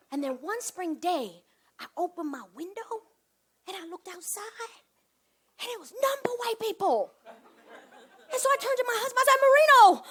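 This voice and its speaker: Animated high-voiced woman telling a story on stage. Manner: animated, comic, swings from hushed asides to loud bursts. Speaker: solo stage performer. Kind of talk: one-woman stage monologue.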